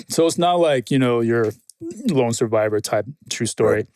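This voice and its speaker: A man in a relaxed podcast chat, telling lively stories with plenty of casual swearing. His pitch is middling and his voice sits close and dry, with no room sound. He acts out other people's words as he goes. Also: normal speed, no echo. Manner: animated storyteller, swears freely, quotes others. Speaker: guest, military film consultant.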